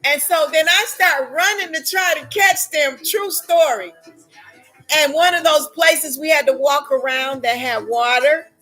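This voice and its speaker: An American woman telling a travel story to her viewers, dramatic and often laughing as she acts out her own shouts. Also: sits high, unhurried, soft background music, low-quality recording.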